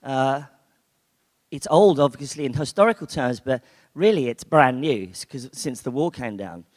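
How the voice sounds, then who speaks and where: A conference speaker from the United Kingdom gives an animated keynote at normal speed in a mid-range voice. He's chatty, filling his talk with fillers and restarts, and the hall adds long reverb.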